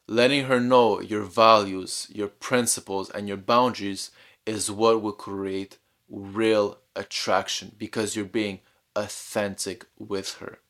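A young man with a fairly low voice gives dating advice straight to his viewers. He sounds earnest and instructive and hammers home key points by repeating them. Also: a bit bright. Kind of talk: direct-to-camera advice talk.

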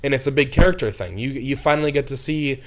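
A man's voice: mid-range voice, quick pace. Rambling young man telling a story. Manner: rambling, heavy with "like" and restarts, flares into angry outbursts. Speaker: film director. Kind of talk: casual storytelling.

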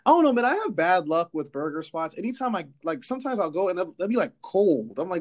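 Lively higher-voiced man in casual chat. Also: quick pace, few pauses. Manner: lively, joking, slangy storytelling. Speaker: podcast co-host.

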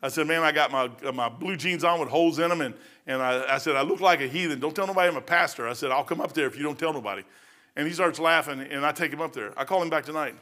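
A male pastor preaches in a bright, forceful voice that sits a little high for a man. He swings between easygoing, folksy storytelling and bursts of fervent preaching. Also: fast talker. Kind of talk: sermon.

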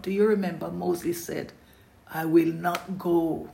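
A preacher giving an earnest sermon, repeating phrases for emphasis and often dropping to a hushed, intimate tone. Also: medium pitch, steady tone, measured pace, vocal fry, echoey room, a little hiss or hum.

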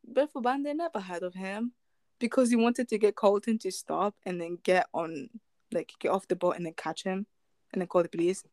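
Woman, casual storytelling, rambling, filler-heavy, dry close sound, mid pitch. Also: a little fast, a little mellow, no echo. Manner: rambling, many fillers and restarts, chuckling asides. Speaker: storyteller retelling a true crime case.

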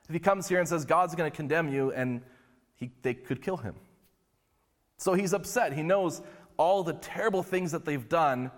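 A male pastor preaching a sermon in a relaxed, conversational storytelling way. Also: mid-range voice. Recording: long hall reverb.

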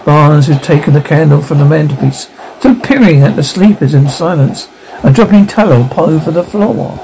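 A man reads a spooky tale aloud with a gravelly, fry-edged voice that sits a touch high for a man. His tone is dark and mellow, and he lightly voices the characters as he goes. A faint hum of room ambience sits underneath. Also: animated, moderate pace, low-quality recording. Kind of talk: audiobook narration of a ghost story.

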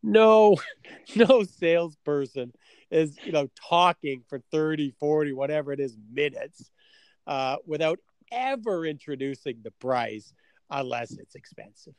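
A middle-aged man from Canada, animated and chatty, telling a story and playing out both sides of each exchange. His voice sits a little above the usual for a man. The sound is dry and close, with no room around it. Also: a little high, measured pace, smooth, dry recording. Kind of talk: casual storytelling.

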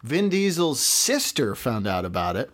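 A man co-hosting a casual movie podcast, retelling a news story in a relaxed way with plenty of fillers. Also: mid-range voice, a little slow. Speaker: podcast co-host.

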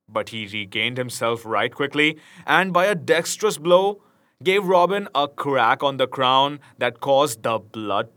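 A man's voice: mid-range voice, fairly bright tone. A man reading a classic storybook aloud, expressively, with brief casual asides. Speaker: narrator.

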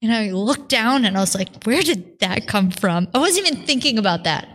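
Woman, religious sister, guest on a podcast, tells her story with lively swings of pitch. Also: moderate pace. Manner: animated storyteller who acts out her own quotes.

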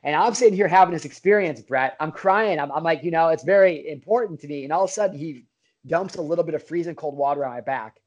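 A man's voice: fairly high pitch, fast talker. A middle-aged man, a podcast guest, telling a story in a casual way, full of bro slang, fillers and restarts. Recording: dull lo-fi audio.

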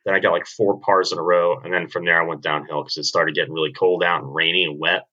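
A man's voice: low-pitched, steady tone, fast, bright, forceful tone, lo-fi sound. A man co-hosting a podcast, chatting in a laid-back way with crude jokes. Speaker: podcast co-host. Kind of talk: casual chat.

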